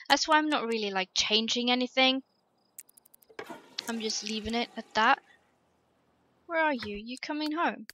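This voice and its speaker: A woman's voice: a little high, expressive, moderate pace, long pauses, pushed and bright, no echo, poor audio. A woman casually commenting on her life-simulation game, gushing over the characters and chatting to them. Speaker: let's play host.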